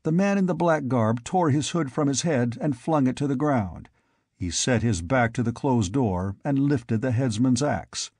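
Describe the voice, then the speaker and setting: A man narrates a fantasy audiobook in a measured, dramatic way. His voice sits in a middle pitch. It is recorded dry and close, with no room sound. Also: a little mellow, breathy edge, no room sound. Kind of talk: scripted narration.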